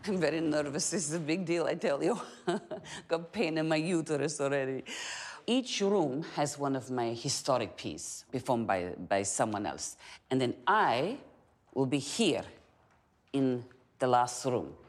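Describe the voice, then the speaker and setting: A nervous yet defiant performance artist in a film scene. Her Slavic accent colors every slow, weighty phrase. The voice sits low and husky and rolls up and down dramatically. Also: expressive. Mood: nervous, grandiose. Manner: slow, theatrical, heavily accented delivery.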